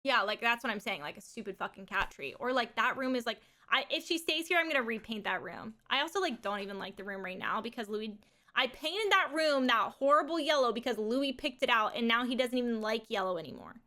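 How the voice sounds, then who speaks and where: A woman's voice: a little high, animated, brisk, sharp tone. A woman live streaming from home, talking in a rambling, casual way and swearing and laughing often.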